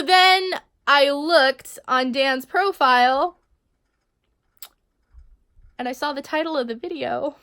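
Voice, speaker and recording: A woman's voice: sits high, takes it slowly, long pauses, sharp tone, no echo, studio quality. A young woman talking to camera in a casual vlog, emotional and swearing, full of fillers. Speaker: vlogger.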